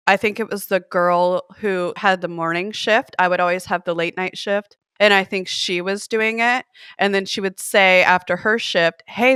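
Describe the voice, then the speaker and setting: A woman's voice: mid-range voice, smooth, dry recording, clean studio sound. A young woman, blunt and profane, telling stories and giving money advice in casual chat. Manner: blunt and profane, animated retelling of quotes. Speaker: podcast host.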